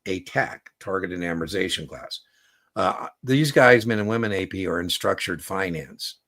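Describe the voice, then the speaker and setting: A man hosting a casual livestream Q&A as an exam prep coach, chatty and animated, telling stories. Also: low-pitched, moderate pace.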